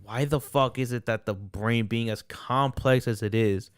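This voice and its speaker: A man's voice: mid-range voice, a little slow, clean tone, no echo, studio quality. A young man co-hosting a podcast, rambling in casual chat with lots of swearing and restarts. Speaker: podcast co-host.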